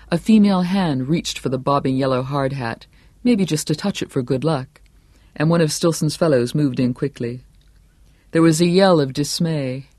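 A man reading a novel aloud in steady, scripted narration, dropping to a quieter voice for the hero's thoughts. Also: a little high, no room sound. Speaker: audiobook narrator.

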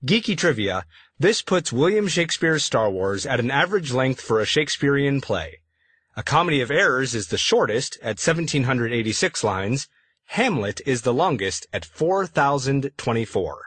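Author reading his afterword, husky and lively. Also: medium pitch, normal speed, no room sound. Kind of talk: read-aloud audiobook afterword.

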